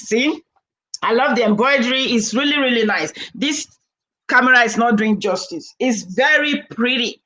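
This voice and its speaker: Lady in her 40s vlogging, bright forceful voice, lively storytelling with laughs. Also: on the high side, low-quality recording. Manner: animated, laughing, acts out quoted dialogue. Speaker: vlogger and herbal seller. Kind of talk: casual chat to camera.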